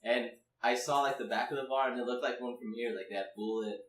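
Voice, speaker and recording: A man's voice: medium pitch, fast, a bit bright. A man guesting on a podcast, an easygoing storyteller in casual chat over drinks who laughs often. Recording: echoey room, mic at a distance.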